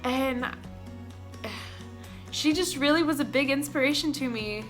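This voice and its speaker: Bright-voiced, giggly young woman vlogger. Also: sits high, unhurried, soft background music. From Oklahoma. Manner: excited, rambling, giggly. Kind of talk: casual storytime vlog.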